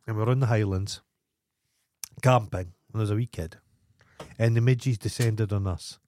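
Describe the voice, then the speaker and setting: A man's voice: fairly low pitch, normal speed, darkish tone, a little hiss or hum. A Scottish man co-hosting a podcast, trading blunt, crude banter in casual chat. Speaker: podcast co-host.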